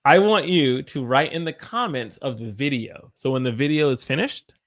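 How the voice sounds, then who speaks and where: A man's voice: medium pitch, moderate pace. A man from the United States teaching English on a live stream, tired after a long day and encouraging as he reads out viewer sentences and corrects them.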